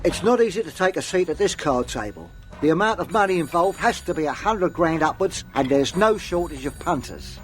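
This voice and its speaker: Brief: man as an East London narrator, wry voice-over, slightly high, lively, faint film music. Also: a little fast, hardly any pauses, lightly acted. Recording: film clip with soft music.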